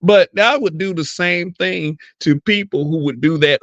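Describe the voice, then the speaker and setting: A man's voice: a little high, expressive, unhurried, fairly bright tone, dry recording, dull audio. A man hosting a podcast in casual chat, blunt and profane, often mimicking other people's voices. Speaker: podcast host.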